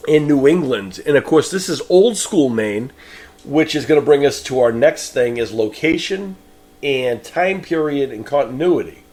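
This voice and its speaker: Opinionated man. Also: on the high side. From Boston. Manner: opinionated, rambling, frequent restarts. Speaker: podcast host. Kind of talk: film review monologue.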